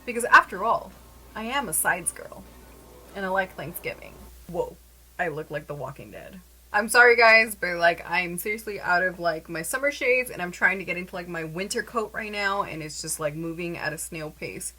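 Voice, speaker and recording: A young woman talks straight into her camera in a loose, storytime style, full of "like" and quick asides. Her voice is bright and a little sharp. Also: fairly low pitch, poor audio. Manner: chatty, animated, lots of "like" fillers. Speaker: vlogger telling a story. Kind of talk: casual storytime chat.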